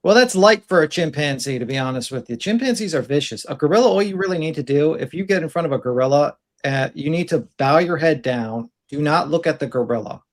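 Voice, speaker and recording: A man's voice: fairly high pitch, lively intonation, fast talker, hardly any pauses. A man co-hosting a casual stream chat, rambling through stories and giving advice. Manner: rambling storyteller, gives advice.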